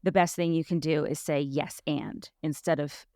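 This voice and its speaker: A woman's voice: deep voice, steady tone, moderate pace, a little mellow, dry recording, studio quality. A woman podcast host and life coach in a casual chat, telling personal stories in a candid, reflective way with frequent restarts.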